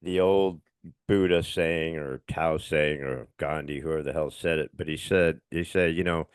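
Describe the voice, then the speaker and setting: A middle-aged man hosts a podcast in a low, deep voice, talking casually and swearing without a second thought. He spins anecdotes with animated retellings. The sound is close and dry, with no room around it. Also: measured pace, smooth, no room sound. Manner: swears freely, tells stories with animated retellings. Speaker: podcast host. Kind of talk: casual interview chat.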